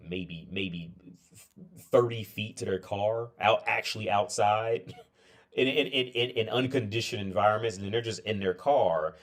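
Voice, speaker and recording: A tired man chatting on a casual livestream, his voice sitting very low. He rambles loosely, restarting sentences and leaning on filler words as he goes. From United States. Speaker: livestream host.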